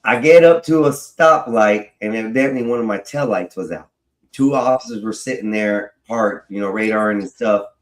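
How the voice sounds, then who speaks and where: A man's voice: fairly low pitch, normal speed. A man telling a long personal story in a casual way, swearing freely and laughing as he goes. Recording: roomy echo.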